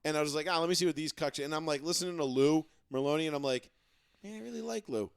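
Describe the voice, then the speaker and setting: A man's voice: a little high, steady tone, rapid-fire, smooth, dry recording, clean studio sound. A man in his thirties from Massachusetts, co-hosting a sports podcast in a profane, rambling casual chat full of restarts. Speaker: podcast co-host. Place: studio.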